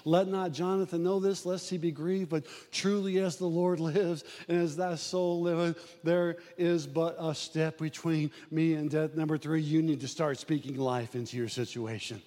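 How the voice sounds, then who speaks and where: High-voiced male preacher in a reverberant hall. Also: moderate pace, few pauses. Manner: animated preaching, acts out quoted voices, rises and drops in pitch. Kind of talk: sermon.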